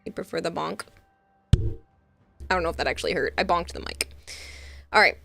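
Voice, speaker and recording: A woman streamer chatting casually late at night, keeping her voice quiet, tired and short of breath. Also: on the low side, vocal fry, no echo, soft background music. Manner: deliberately quiet, reads chat aloud. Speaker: game streamer.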